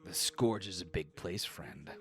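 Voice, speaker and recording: A sly little gnome with a high, needling voice, folksy and pushy as he angles for payment, as a man puts him on. He is a small wiry fellow who sounds grasping and never lets a point drop. The pitch sits well above a normal man's. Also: measured pace, a bit bright.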